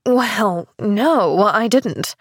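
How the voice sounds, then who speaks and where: A woman's voice: mid-range voice, expressive, very slow, dry recording. Woman voicing a sour bedridden woman. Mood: grudging. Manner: sour and dry, grudging. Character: bitter, grudging bedridden woman of forty.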